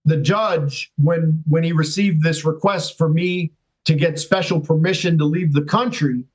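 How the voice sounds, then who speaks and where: A man's voice: fairly high pitch, measured pace, poor audio. A man talking as a podcast guest, telling his story casually and animatedly, acting out quotes and swearing freely.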